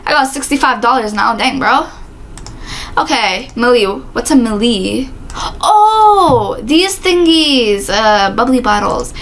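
Excitable woman gamer chatting, high voice, keyboard clacking loud. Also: normal speed, slight background noise. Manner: excitable, exclamatory. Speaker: gaming channel host. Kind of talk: casual gameplay commentary. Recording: loud keyboard typing behind.

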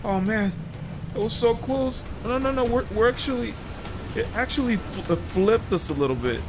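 A man giving casual, excitable commentary while he plays a video game, often laughing and talking to himself. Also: high-pitched, moderate pace. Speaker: gaming channel host. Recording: voice over loud game music.

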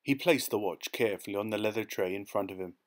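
A man reading a short story aloud as an audiobook narrator, in a measured, even manner. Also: on the low side. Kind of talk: scripted narration.

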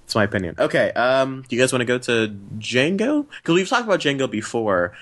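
A man's voice: mid-range voice, big pitch swings, a little fast, a bit bright. A man hosting a podcast in casual chat, rambling and laughing often mid-sentence. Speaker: podcast host.

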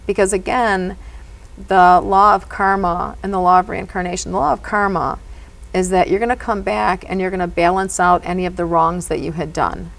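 Gravelly-voiced woman telling a story. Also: fairly low pitch, moderate pace, rough recording. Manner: animated and earnest, often says "you know". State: emotional at moments. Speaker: psychic medium guest. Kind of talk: storytelling in a conversation.

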